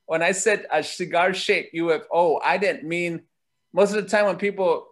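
A man telling a story as an interview guest, lively and laughing as he goes. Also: sits high, normal speed. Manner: lively, laughs while telling, acts out quoted voices. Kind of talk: animated storytelling.

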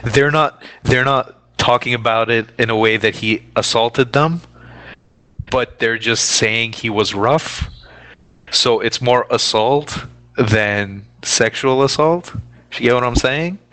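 A man's voice: mid-range voice, slow pace, sharp tone. A man co-hosting a podcast, chatting loosely and hedging his points, with casual swearing. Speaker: podcast co-host. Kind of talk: casual chat.

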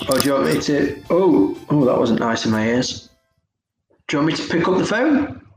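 A man's voice: fairly high pitch, animated, moderate pace, creaky, soft background music. A man co-hosting a podcast, teasing and laughing often in a casual chat. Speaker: podcast co-host. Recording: echoey room, faint noise.

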